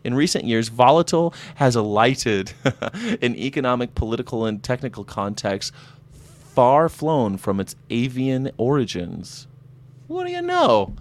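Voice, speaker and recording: Animated man hosting a vegan livestream. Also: mid-range voice, unhurried. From United States. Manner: animated, laughs often, reads chat aloud. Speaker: host of a daily vegan show. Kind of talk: casual livestream rant.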